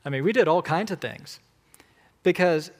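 A man's voice: fairly high pitch, lively intonation, normal speed. A man preaching a sermon, emphatic, counting off points and putting rhetorical questions to his listeners. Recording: long hall reverb.

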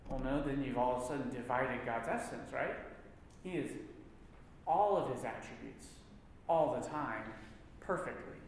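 A man's voice: mid-range voice, normal speed, vocal fry, pauses often, a little hiss or hum. A man teaching a church Bible class, stressing points by repeating words. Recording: echoey room with long reverb.

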